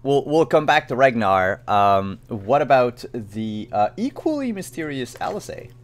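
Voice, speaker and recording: A man acting as game master, introducing the players of an online tabletop game in an easygoing, unhurried way over a video call. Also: mid-range voice, big pitch swings.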